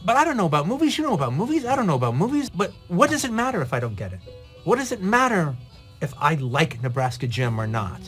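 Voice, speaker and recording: A man's voice: fairly high pitch, huge pitch swings, quick pace, a bit bright, soft background music, pitched above the performer's own voice. A man acting out a cocky male cowboy actor in a retold story, earnest and insistent as he pleads his case. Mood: pleading, insistent.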